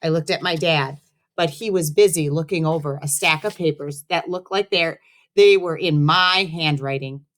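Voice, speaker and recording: A woman teacher reading a children's chapter book aloud to her students in an expressive, friendly way. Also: deep voice, moderate pace. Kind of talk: read-aloud storytelling.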